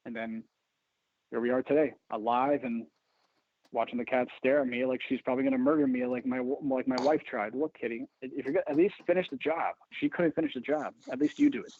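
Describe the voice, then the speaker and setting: A man's voice: medium pitch, fast, slightly rough. A man telling jokey, profane, rambling stories as a guest on a casual podcast. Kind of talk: casual chat. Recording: phone-line sound.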